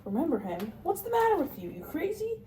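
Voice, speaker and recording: A woman's voice: on the high side, mellow, reverberant, recorded from a distance, slight background noise, lightly acted, poor audio. A woman reading the part of an aging, blustering salesman father in an amateur play read-through, bossy and lecturing. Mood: agitated. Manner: bossy, lecturing, quick to snap.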